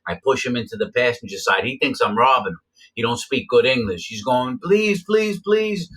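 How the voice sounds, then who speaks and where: A man's voice: brisk, husky. A man casually recounting his own past, rambling with lots of fillers and repeating himself. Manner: acts out quoted voices with sharp pitch jumps. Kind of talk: casual first-person storytelling.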